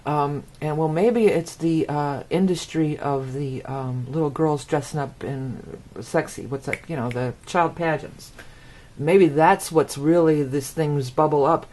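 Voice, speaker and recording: A woman's voice: low voice, measured pace, a little mellow, slight background noise. A woman from the United States giving a rambling astrology forecast, often repeating words for emphasis. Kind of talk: casual monologue forecast.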